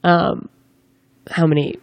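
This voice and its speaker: A woman's voice: slow, dry recording, dull audio. A young woman interviewing a guest in a casual, joking way, full of rambling asides.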